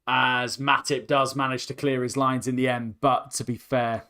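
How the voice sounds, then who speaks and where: A young man hosting a live football watchalong, commentating with rising excitement as his voice starts to go hoarse. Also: mid-range voice, moderate pace. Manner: excitable, voice climbs sharply with the action. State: voice going hoarse. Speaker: host.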